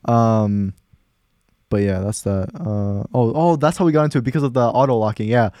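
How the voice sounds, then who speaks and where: A young man co-hosting a casual podcast, talking quickly and animatedly to the listeners. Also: mid-range voice, dry recording, studio quality. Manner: fast, animated, addresses listeners as guys. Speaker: podcast co-host.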